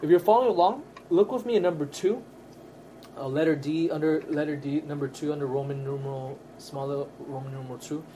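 A man teaching a Bible study class, earnest and emphatic, often checking in with his listeners with quick tag questions. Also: on the high side, dark tone, slight background noise.

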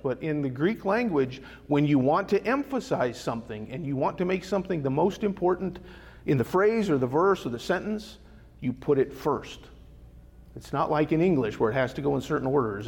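A man's voice: on the high side, creaky, a little mellow, breathy edge. A man preaching a Bible study sermon in a conversational way, often tossing rhetorical questions to his listeners. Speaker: pastor. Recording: long hall reverb.

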